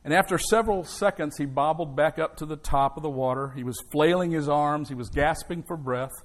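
Male pastor, slightly higher voice, punchy rhythmic sermon delivery, calls for amens. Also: a little fast. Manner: emphatic, rhythmic preaching with call and response. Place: church.

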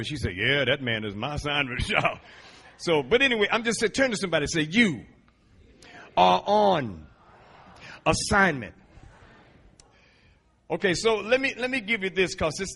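A middle-aged man, a Christian musician, preaching in a lively storytelling way, laughing often and stretching words for emphasis, with a husky voice. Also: high voice. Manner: animated, laughing, drawn-out emphasis. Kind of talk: storytelling sermon.

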